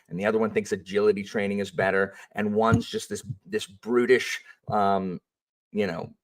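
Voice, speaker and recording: A man who works as a history teacher, telling a story in a casual, animated and rambling way, full of fillers. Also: on the low side, recorded from a distance.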